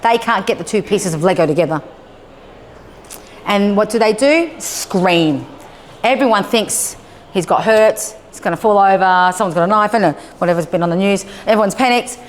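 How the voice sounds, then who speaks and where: A woman's voice: mid-range voice, moderate pace. Woman presenter in a reverberant hall. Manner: lively storyteller who acts out dialogue and checks in with listeners. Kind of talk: live talk to homeschool families. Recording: long hall reverb with faint noise.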